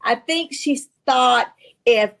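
Southern woman, guest author, slightly high voice, rambling and chatty storyteller, video call. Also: takes it slowly, vocal fry. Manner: chatty, rambling storyteller with many restarts and laughs. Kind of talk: casual conversation on a show.

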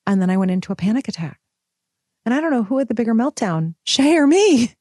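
A woman's voice: medium pitch, animated, fast talker, dark tone, dry recording, clean studio sound. A young woman, a new mother, speaking candidly and emotionally in a personal vlog.

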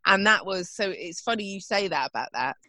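A woman's voice: mid-range voice, lively intonation, fairly quick, sharp tone, no room sound. A woman, co-hosting a casual chat and telling stories in a chatty, self-deprecating way. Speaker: podcast co-host and event rider.

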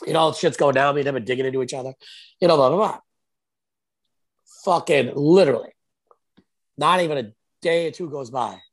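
Man, higher-pitched and husky, animated raconteur; profane, quotes himself and others. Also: a little fast, pauses often. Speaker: podcast guest, tattoo artist. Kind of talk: casual storytelling chat.

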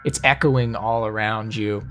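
A man's voice: on the low side, fairly even intonation, a little slow, a bit bright, faint music behind. A man narrating as game master of a tabletop game, casual and self-deprecating, often laughing.

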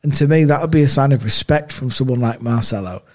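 A man's voice: medium pitch, fast talker, darkish tone. A man on a casual football fan podcast, adding dry quips and thoughtful asides. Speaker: podcast co-host.

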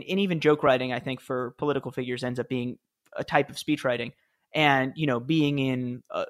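A man in his thirties talks in a fairly high, light voice. He tells stories in an animated, self-deprecating way and often restarts his sentences. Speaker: author and former speechwriter, guest. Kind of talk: conversational interview storytelling.

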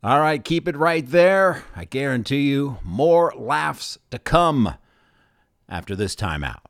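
A man's voice: medium pitch, takes it slowly. A man with a Midwestern American accent hosting a podcast, chatting casually and acting out quotes with lots of laughter. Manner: animated, laughs often, acts out quotes. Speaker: podcast host. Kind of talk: casual chat.

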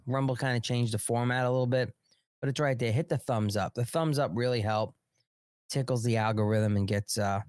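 A man's voice: medium pitch, darkish tone, no echo, clean studio sound. Blunt Long Island man hosting live. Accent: Long Island New York. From Long Island, New York. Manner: blunt, rambling, heated, with many restarts. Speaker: host of a live political show. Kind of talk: live political commentary.

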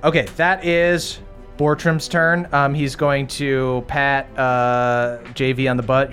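A man's voice: mid-range voice, level tone, takes it slowly, a bit bright. A man serving as game master for a tabletop game, narrating attacks and damage in a loose, rambling way. He pads his sentences with plenty of fillers, and faint music plays behind him. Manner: casual, rambling, many fillers and laughs.

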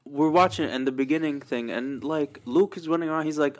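A man's voice: a little high, fast, hardly any pauses. A man in casual chat with friends who explains things at length with many fillers and sometimes apologizes.

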